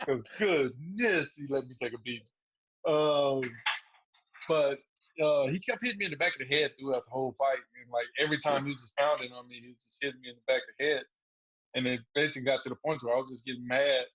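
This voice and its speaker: Male guest, relaxed storyteller, chuckles often, muffled podcast audio. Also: medium pitch, fast talker. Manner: laid-back, laughs through his stories. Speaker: guest fighter. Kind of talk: casual storytelling interview.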